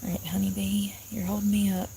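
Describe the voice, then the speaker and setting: A woman vlogging casually outdoors in the mountains, chatty and animated as she talks to viewers. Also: mid-range voice, a little fast, vocal fry, rough recording. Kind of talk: casual outdoor vlog chat. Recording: outdoor noise, crickets audible.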